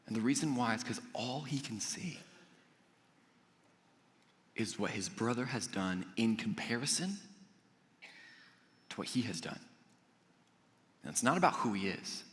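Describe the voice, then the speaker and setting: A male pastor preaching a sermon in a conversational storytelling way, dropping to soft, earnest emphasis. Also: medium pitch, expressive, a little slow, long pauses. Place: church auditorium. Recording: echoey church hall.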